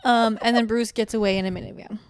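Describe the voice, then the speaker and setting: A woman's voice: fairly high pitch, fairly even intonation, fast talker, clean tone, no room sound. A young woman co-hosting a podcast, chatting casually and laughing as she recaps a movie and puts on voices for the characters. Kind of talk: casual chat.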